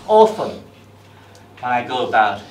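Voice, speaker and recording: An actor playing a dry-humoured male Grim Reaper in a stage monologue, low and wry. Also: heavy background noise, exaggerated voice. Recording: distant echoey stage with music.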